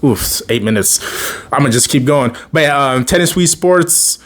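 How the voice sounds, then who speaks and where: Man, casual episode recap, rambling, chuckling, acts out lines, mid-pitched voice. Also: lively intonation, normal speed. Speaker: TV episode reviewer.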